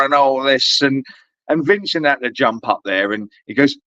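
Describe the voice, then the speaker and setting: A British man chatting casually as co-host, swearing a lot and mocking people with quick impressions. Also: medium pitch, expressive, bright, forceful tone, no room sound. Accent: British English. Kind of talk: casual chat. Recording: dull lo-fi dry sound.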